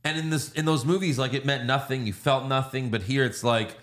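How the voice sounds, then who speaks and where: A man's voice: medium pitch, fairly quick, a bit bright. A man hosting a casual movie review podcast, retelling scenes and acting out lines with plenty of swearing. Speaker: podcast host.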